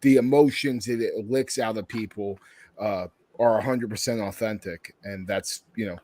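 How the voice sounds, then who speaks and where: A man hosting a podcast, chatting in a relaxed, agreeable way with casual swearing. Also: lowish voice, moderate pace, no echo. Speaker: podcast host.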